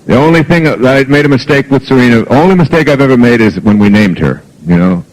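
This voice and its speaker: A man's voice: mid-range voice, quick pace, low-quality recording. Middle-aged man telling humorous seminar stories. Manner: humorous anecdotal storytelling with chuckles; lively, shifting between soft and emphatic. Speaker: motivational speaker. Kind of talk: live seminar talk.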